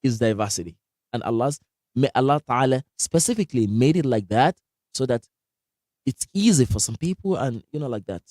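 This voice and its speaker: A man teaching Quran recitation in a live online lesson, energetic, asking the class questions and repeating sounds to demonstrate them. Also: medium pitch, fairly quick, no room sound, clean studio sound.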